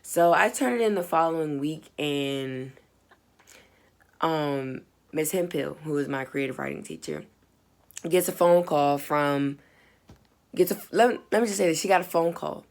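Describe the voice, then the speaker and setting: A woman's voice: low-pitched, measured pace. A young woman, a student, casually telling a personal story, chatty and full of fillers, acting out what people said. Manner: chatty, full of "like" and fillers, acts out quoted lines.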